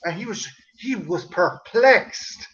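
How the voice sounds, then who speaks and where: A man telling a family story in casual chat, animated and swearing, acting out his parents' voices. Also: high voice, slow, lo-fi sound. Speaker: host.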